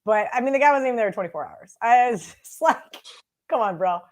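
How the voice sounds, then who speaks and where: A woman's voice: a little high, expressive, fast talker. A young woman co-hosting a sports betting show, chatting casually, brash and self-mocking, swearing freely. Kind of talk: casual live sports chat. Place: home studio with green screen.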